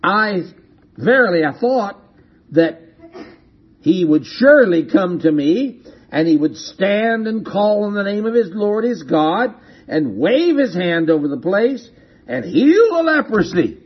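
Preacher acting out an indignant old commander. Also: male voice, on the high side, big pitch swings, measured pace, long pauses, breathy edge, highs cut off, exaggerated voice. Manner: indignant, raised and theatrical. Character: proud indignant ancient army commander, man.

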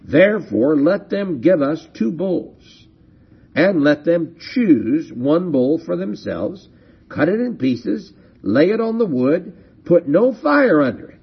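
Fiery prophet dude, a preacher doing the lines, forceful, voice swinging all over, slightly husky. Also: male voice, on the high side, sing-song, slow, muffled recording, full character voice. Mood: commanding. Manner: declaiming, forceful. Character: bold, fiery male prophet. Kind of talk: dramatic scripture reading in a sermon.

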